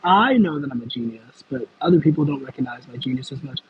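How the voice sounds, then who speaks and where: Rambling young man, slightly husky. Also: mid-range voice, expressive, quick pace, highs cut off. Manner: rambling, self-aware, with frequent fillers and laughs. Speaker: livestream host. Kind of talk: casual livestream chat reading comments.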